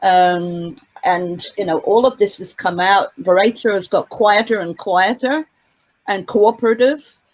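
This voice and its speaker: A woman of middling pitch talks through an interview as a guest commentator. She winds through long, complex sentences, restarting and hedging with frequent fillers as she gathers her thoughts. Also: fairly even intonation, unhurried, low-quality recording. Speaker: guest commentator on a court case. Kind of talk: casual interview talk.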